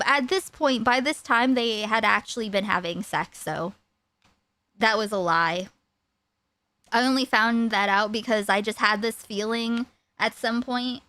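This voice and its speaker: A woman streamer telling a personal story in a rambling, animated way. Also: mid-range voice, clean tone, no room sound. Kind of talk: casual storytime chat.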